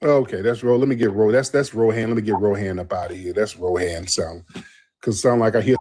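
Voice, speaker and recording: Blunt male livestream host, slightly husky. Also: fairly low pitch, fairly quick, darkish tone. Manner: blunt, loose, talks back to callers. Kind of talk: live call-in stream chat.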